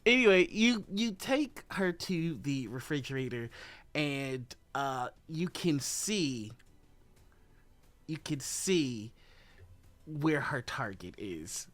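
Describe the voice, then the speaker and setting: A game master narrating a tabletop game in an animated way and laughing often. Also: medium pitch, slow.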